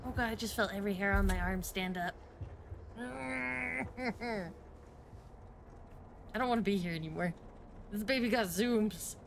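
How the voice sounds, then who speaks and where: A young woman streamer commenting on a horror game, excitable and swearing, laughing and yelping when scared. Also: mid-range voice, measured pace, creaky, pauses often, slight background noise. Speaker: gaming streamer. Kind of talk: let's-play commentary.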